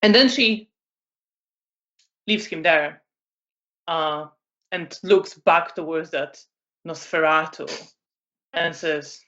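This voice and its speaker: A woman narrating a tabletop role-playing game as storyteller, in an unhurried way with many fillers. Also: low-pitched, a bit bright, highs cut off.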